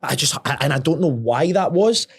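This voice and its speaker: A young man, a podcast guest telling a story in casual talk, sweary and animated, often restarting his words. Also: fairly high pitch, brisk, slightly rough.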